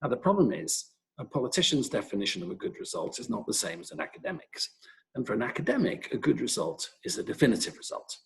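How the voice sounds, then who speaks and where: A middle-aged man with a British accent, an epidemiologist giving a webinar talk and telling wry, lively anecdotes. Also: mid-range voice, quick pace, creaky, low-quality recording. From Britain. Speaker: professor, epidemiologist.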